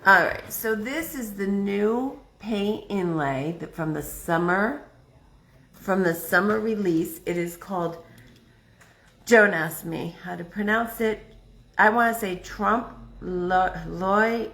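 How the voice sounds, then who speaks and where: Chatty woman with a slow drawl. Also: medium pitch, roomy sound. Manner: chatty, excitable, thinks aloud. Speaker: craft livestream host. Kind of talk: casual live craft demo.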